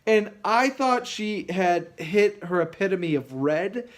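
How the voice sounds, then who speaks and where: A man's voice: high-pitched, measured pace, few pauses. A man telling a casual anecdote in a rambling way, full of fillers and restarts. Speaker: storyteller.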